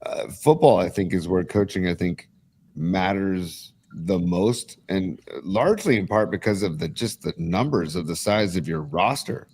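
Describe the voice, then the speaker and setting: A man hosting a casual sports chat on a live stream, opinionated and excitable, with lots of fillers and restarts. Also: low-pitched, unhurried, husky. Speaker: podcast host.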